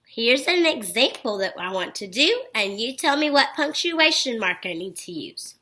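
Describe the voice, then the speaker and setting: A woman's voice: a little high, moderate pace. A woman teacher giving a phonics lesson to young children, upbeat and full of encouraging praise, reading example sentences with exaggerated expression. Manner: exaggerated expressive read-alouds.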